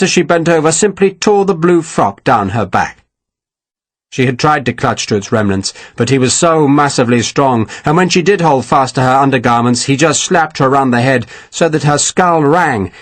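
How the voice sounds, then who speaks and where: A man narrating an audiobook with a dramatic, expressive reading. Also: medium pitch, no room sound. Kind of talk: scripted narration.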